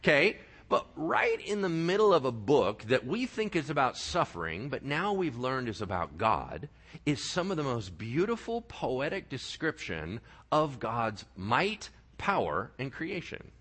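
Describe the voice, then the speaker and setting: A man preaching a sermon in a lively, joking way, often asking the congregation whether they follow him. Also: medium pitch, unhurried, breathy edge. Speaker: pastor.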